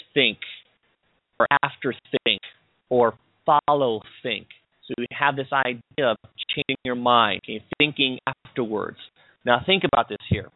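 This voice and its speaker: A man's voice: medium pitch, dry recording. A man preaching a sermon, explaining scripture and asking his listeners rhetorical questions. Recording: dry, tinny phone-like sound.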